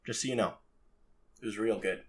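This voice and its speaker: A man co-hosting a casual podcast, bantering with jokes, teasing remarks and deadpan asides. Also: fairly low pitch, a little fast. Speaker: podcast co-host.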